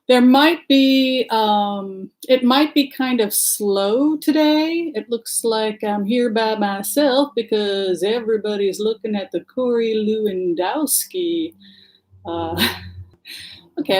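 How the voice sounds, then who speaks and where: A woman's voice: a little high, a little mellow. A woman hosting a casual livestream, greeting viewers by name and talking with many fillers and restarts. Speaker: livestream host and tarot reader.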